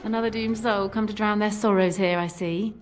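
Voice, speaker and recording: Actress as wry tavern barmaid in a fantasy game, dry and plain-spoken, light score under. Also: female voice, mid-range voice, fairly even intonation, a little fast, soft background music, close to an everyday voice. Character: wry tavern barmaid keeping order in a grim village. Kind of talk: video game voice acting.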